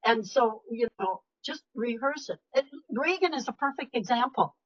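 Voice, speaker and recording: A woman's voice: fairly high pitch, expressive, moderate pace. An older woman giving a webinar talk as a motivational speaker, emphatic and chatty. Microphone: video call. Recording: lo-fi video call audio.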